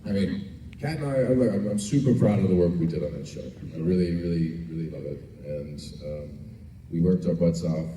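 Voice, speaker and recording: A man, an actor, answering fans at a convention panel in a relaxed, joking, self-deprecating way. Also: deep voice, a little fast. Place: large convention hall. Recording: echoey hall, distant mic, noisy crowd.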